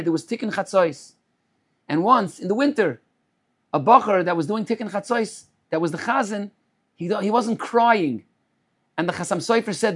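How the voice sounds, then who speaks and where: High-voiced rabbi preaching slowly. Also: male voice, a bit bright, breathy edge. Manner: measured, repeats phrases, weaves in Hebrew terms. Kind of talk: Torah sermon.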